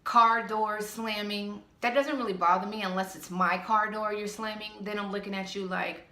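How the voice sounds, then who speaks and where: A woman's voice: medium pitch, steady tone, moderate pace, few pauses, bright, forceful tone, reverberant. A woman vlogger ranting in a casual monologue, blunt, sassy and exasperated.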